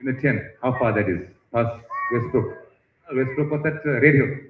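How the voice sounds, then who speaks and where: A man hosting at a festival tent, chatting with and teasing visitors in a lively way. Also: mid-range voice, normal speed. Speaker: event host interviewing visitors. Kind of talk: roving live-stream banter. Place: busy outdoor festival tent. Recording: echoey, muffled stream audio with crowd noise.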